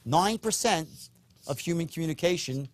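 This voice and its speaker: A man teaching a recorded sales course, speaking emphatically and often checking in with a quick "okay?". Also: fairly high pitch, animated. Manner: acts out upbeat and dull tones in demonstrations. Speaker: sales trainer.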